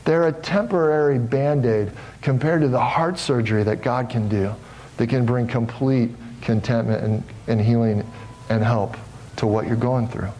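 A man's voice: fairly even intonation, normal speed, rough recording. A middle-aged man preaching a sermon to a live congregation, earnest and self-deprecating, calling out to the listeners and rising in volume on his exhortations. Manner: swells louder and higher on exhortations, drops low and soft on reflective points. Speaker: pastor. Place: church sanctuary with a live congregation.

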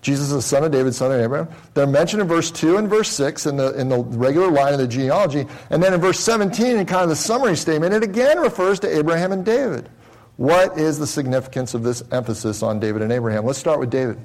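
Guy preaching a bible sermon, fairly high voice, explains stuff and keeps asking the crowd questions. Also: expressive, fast, a little mellow, low-quality recording. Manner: explanatory, asks listeners rhetorical questions. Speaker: pastor. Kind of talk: sermon teaching.

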